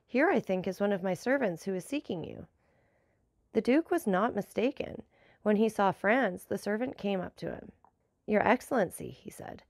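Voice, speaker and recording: A woman narrating a classic novel aloud, measured and lightly voicing the dialogue. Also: medium pitch, gravelly, darkish tone, no echo, clean studio sound. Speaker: audiobook narrator.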